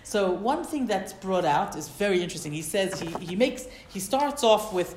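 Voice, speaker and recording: Female Torah teacher, animated, quoting and translating verses, echoey room. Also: medium pitch, moderate pace, hardly any pauses, a little hiss or hum. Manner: animated, quotes Hebrew verses then translates.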